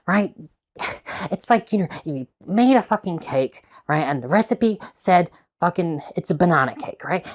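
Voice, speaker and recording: A woman's voice: fairly low pitch, a little mellow. A woman in a heated, swear-filled vlog rant, tagging her points with constant questions. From Australia. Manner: heavy swearing, tag questions, heated ranting. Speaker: video host. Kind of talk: casual commentary vlog.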